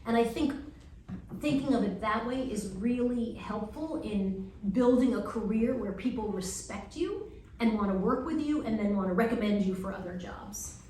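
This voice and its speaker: A woman from Long Island gives animated career advice as a guest speaker, jumping into little acted-out voices as she talks. Her voice sits a little high. She is heard from a distance in a very echoey hall, with a faint hiss of noise underneath. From Long Island, New York. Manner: animated, acts out voices in quick asides. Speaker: guest speaker answering student questions. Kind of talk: lively advice talk at a Q&A.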